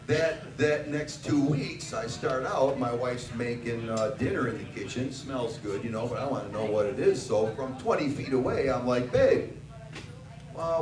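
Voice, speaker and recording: A man doing a stand-up routine on a bar stage, telling crude, profane stories. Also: medium pitch. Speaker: stand-up comedian. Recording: roomy, distant, loud bar noise.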